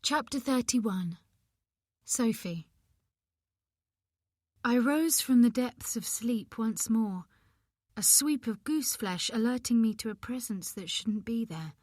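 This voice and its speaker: A woman narrating an audiobook in the first person, reading in an expressive, measured way. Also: fairly high pitch, no echo, clean studio sound.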